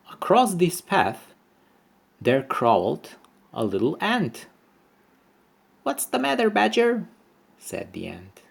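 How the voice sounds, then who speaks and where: Expressive male storyteller, slow and lively. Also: medium pitch, breathy edge. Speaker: storyteller, teacher. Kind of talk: reading a children's story aloud.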